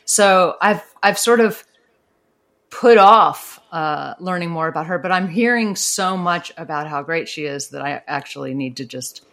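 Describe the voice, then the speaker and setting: Low-voiced woman author musing aloud. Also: animated, unhurried, a bit bright. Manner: thoughtful, rambling with restarts and laughs. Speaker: author and advice columnist. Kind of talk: conversational interview answers.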